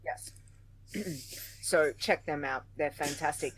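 A woman's voice: low-pitched, takes it slowly, husky, low-quality recording. Giggly woman podcast co-host. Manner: giggly, chatty, thanks listeners warmly. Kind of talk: casual podcast chat.

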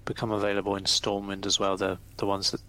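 A man on a podcast as a guest, chatting in a quick, relaxed, offhand way. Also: sits low, low-quality recording. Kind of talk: casual chat.

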